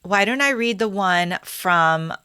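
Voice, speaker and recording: A woman's voice: mid-range voice, slow, clean tone, no room sound. Chatty woman podcast host, very dry sound. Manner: chatty, reads listener reviews aloud, easily excited. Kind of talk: casual podcast chat.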